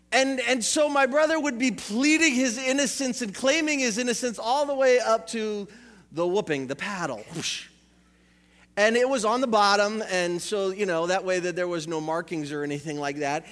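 Male pastor, high bright voice, animated storyteller, hall reverb. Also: normal speed. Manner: animated, acts out voices in anecdotes, repeats words. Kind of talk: sermon with acted family stories.

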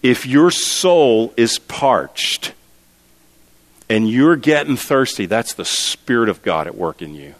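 A man's voice: medium pitch, expressive, takes it slowly, in a large hall. A man preaching a sermon as pastor, earnest and repeating key words for emphasis.

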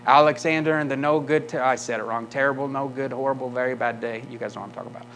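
A man's voice: mid-range voice, steady tone, fast, fairly bright tone, slight background noise. A male pastor preaching a sermon, emphatic, often asking the congregation rhetorical questions.

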